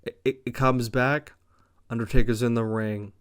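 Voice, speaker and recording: A young man casually recapping a wrestling show, rambling, excited and profane. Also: mid-range voice, moderate pace, clean tone. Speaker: wrestling reviewer.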